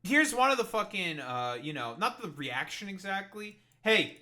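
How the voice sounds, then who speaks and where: Bright-voiced profane young man ranting. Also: high voice, sing-song, normal speed. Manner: rambling, profane, sarcastic. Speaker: streamer reacting to clips. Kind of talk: casual profane reaction commentary.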